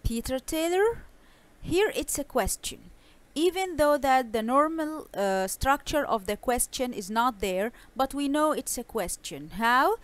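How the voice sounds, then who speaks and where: Clear, careful woman teaching English. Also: high-pitched, animated, dry recording. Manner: slow and clear, reading dialogues aloud and stressing intonation. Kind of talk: online English lesson.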